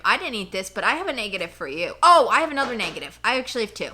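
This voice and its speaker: A woman co-hosting a casual podcast at home, ranting in a rambling, animated way into a cheap headphone mic. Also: medium pitch, very fast, hardly any pauses. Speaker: podcast co-host.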